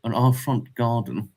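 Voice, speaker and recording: A man's voice: mid-range voice, a little mellow, breathy edge. A man hosting a casual livestream, reading chat messages aloud and reacting with frequent laughs.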